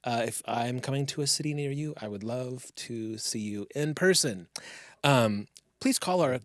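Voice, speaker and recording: A man hosting a casual podcast, talking in a relaxed, rambling and reflective way. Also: medium pitch, normal speed, no echo, clean studio sound. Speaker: podcast host and comedian.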